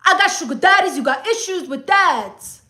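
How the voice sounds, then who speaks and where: A woman from New York doing an impression of a brash female rapper, rhyming loud boasts in a changed voice. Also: very high voice, lively intonation, normal speed, echoey room, voice pushed up, full character voice. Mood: boastful.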